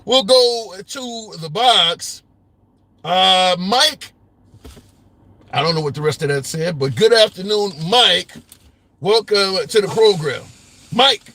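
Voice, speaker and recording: A man's voice: high voice, lively intonation, takes it slowly, pauses often, sharp tone. A man hosting a live call-in talk stream from a phone, talking through opinions conversationally with restarts. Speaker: talk show host. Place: car.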